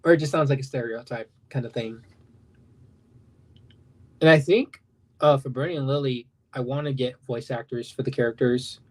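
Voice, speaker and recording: A man's voice: mid-range voice, fairly even intonation, normal speed, pauses often, darkish tone. A young man in his late teens, an animation creator, rambling casually on a livestream. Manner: rambling, loose, self-interrupting.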